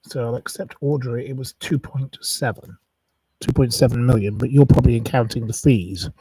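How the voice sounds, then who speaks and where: A man's voice: mid-range voice, fairly even intonation, normal speed, mellow, breathy edge, dry recording, far from the mic, rough recording. A man hosting a live quiz, chatting casually, rambling and reeling off long lists of wrong answers. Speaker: quiz host on a live stream.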